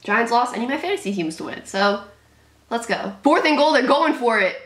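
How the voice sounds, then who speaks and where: A woman's voice: on the high side, lively intonation, normal speed, fairly bright tone, roomy sound. A young woman hosting a live reaction to a football game, calling plays and shrieking at the big moments. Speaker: sports reaction host.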